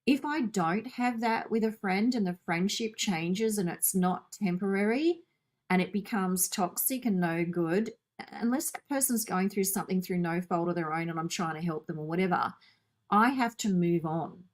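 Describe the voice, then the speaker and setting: A woman's voice: medium pitch, moderate pace. A woman hosting a podcast, talking earnestly in long, flowing turns with repeated phrases. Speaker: podcast host. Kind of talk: casual conversational interview.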